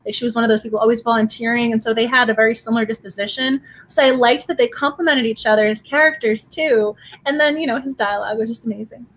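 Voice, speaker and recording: Woman, high voice, gushing, laughs a lot, casual book chat. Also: fairly even intonation, fast talker, hardly any pauses, fairly bright tone. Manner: gushing, laughs often, restarts. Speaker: book podcast co-host.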